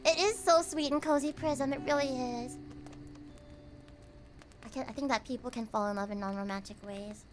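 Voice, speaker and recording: A young American woman streaming a cozy late-night chat, reading comments aloud, playful and squealing at times, then soft and reflective. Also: sits high, fairly even intonation, moderate pace, long pauses, over music. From United States.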